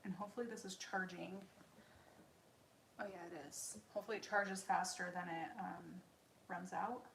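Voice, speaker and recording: A woman's voice: lowish voice, steady tone, normal speed, gravelly, a bit bright. Chatty thirtysomething woman doing a live q&a at home, laughs at herself, roomy echo, faint hiss. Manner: chatty, self-deprecating, laughs often. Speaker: livestream host answering viewer questions. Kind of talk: casual live Q&A chat. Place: room at home. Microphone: wireless mic with receiver.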